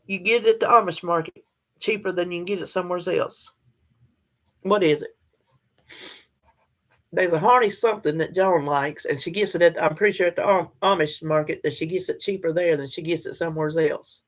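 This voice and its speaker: A woman's voice: on the low side, a little fast. An older woman, chatting casually and directly to her viewers in a vlog. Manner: chatty, animated, talks straight to viewers. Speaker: vlogger.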